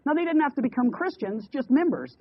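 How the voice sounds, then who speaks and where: A man preaching a sermon, telling a story with quick asides and repeated words. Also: very high-pitched, very animated. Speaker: pastor. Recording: dull lo-fi radio broadcast.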